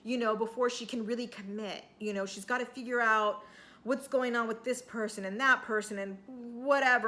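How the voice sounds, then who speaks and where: High, bright-voiced chatty woman. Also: moderate pace. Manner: chatty, sarcastic, rambling with fillers and occasional cussing. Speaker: TV recap vlogger. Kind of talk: casual reality TV recap.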